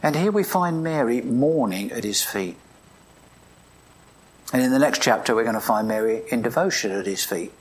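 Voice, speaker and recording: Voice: medium pitch, lively intonation, normal speed, husky. A preacher delivering a morning sermon, reading scripture aloud and asking the congregation questions in a reflective way.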